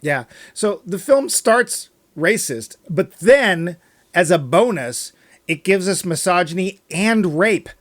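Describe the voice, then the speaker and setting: A man's voice: high-pitched, animated, takes it slowly, dry recording, studio quality. A man co-hosting a movie podcast, talking in a sarcastic, joking way and laughing often. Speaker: podcast co-host. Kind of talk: casual movie review chat.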